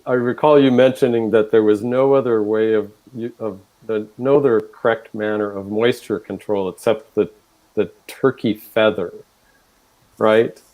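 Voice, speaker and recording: Casting: low-pitched man, composer, halting and thoughtful in casual talk. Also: fairly even intonation, darkish tone, low-quality recording. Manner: hesitant, full of fillers and restarts. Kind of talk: casual onstage chat.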